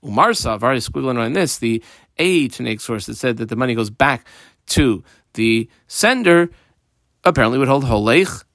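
A man teaching a Talmud page line by line in a lively, playful way, acting out the characters with modern examples. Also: mid-range voice, moderate pace, no echo, studio quality.

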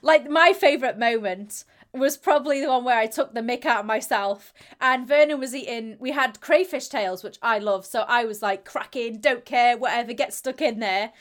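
A woman's voice: fairly high pitch, normal speed. A young woman, an athlete being interviewed, speaking candidly and acting out the voices of people she quotes. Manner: animated, acts out quoted voices, laughs readily. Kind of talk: candid conversational storytelling.

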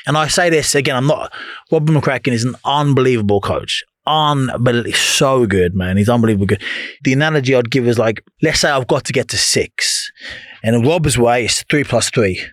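A man, a podcast guest chatting casually in a studio, who tells animated stories, swears freely and acts out what others said. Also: medium pitch, no echo. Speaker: podcast guest, former boxer.

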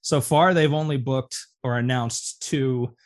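A man's voice: medium pitch, fairly even intonation, a little slow. A man co-hosting a music podcast in casual chat, enthusiastic and rambling, with many fillers. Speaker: podcast co-host.

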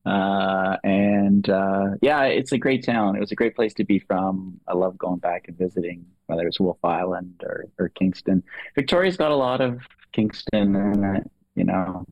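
A man's voice: normal speed, no echo, highs cut off. A middle-aged man from Canada, a guest telling stories in a casual interview and acting out quotes. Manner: joking storyteller, acts out quotes with a jump in pitch.

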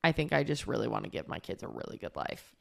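A woman's voice: a bass voice, sing-song, fast talker, creaky. A woman co-hosting a podcast in playful casual chat, laughing and swearing easily. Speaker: podcast co-host.

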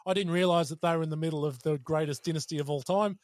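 A man's voice: fairly high pitch, fast talker, a little mellow, no room sound. An Australian man in his forties, co-hosting a podcast in casual chat, blunt and joking, with lots of swearing. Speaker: podcast co-host.

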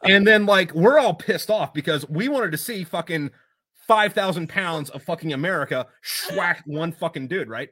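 A man, a podcast guest, telling profane stories in casual, animated talk. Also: sits high, normal speed. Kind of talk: casual storytelling.

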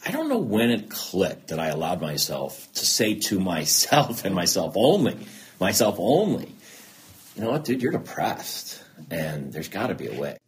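With a low voice that swoops wildly in pitch and a moderate pace, a man in his thirties or forties recounts a candid, earnest personal story as an interview guest. He mocks himself gently and acts out the conversations he remembers.

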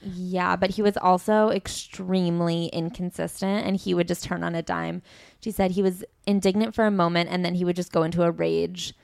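A woman's voice: fairly low pitch, fairly even intonation, normal speed, creaky, a little mellow, dry recording, clean studio sound. A woman co-hosting a podcast, chatting casually about a memoir and leaning often on "like". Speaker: podcast co-host. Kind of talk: casual book discussion.

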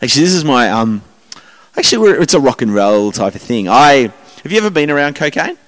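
A man's voice: medium pitch, very animated, fairly quick, a bit bright. A man telling rambling, self-mocking stories as a podcast host in casual chat.

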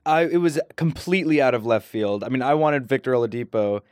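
A man's voice: medium pitch, expressive, fairly quick, darkish tone, no room sound. A man from Ohio as a podcast guest in a studio, rambling and hesitant with many fillers. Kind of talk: casual podcast chat.

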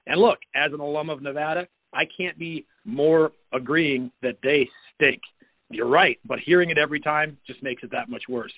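A man leaving an exasperated, profane voicemail over a phone line. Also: medium pitch. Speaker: voicemail caller.

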